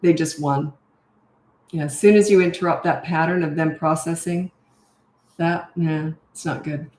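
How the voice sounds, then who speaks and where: An older woman answers viewers' questions as a parenting coach, speaking casually and bluntly with lots of "um" and "you know". Her voice sits a little low for a woman. The room around her sounds echoey. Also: steady tone, a little slow, darkish tone. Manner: casual, chatty, direct, many fillers. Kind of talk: live Q&A, reading and answering comments.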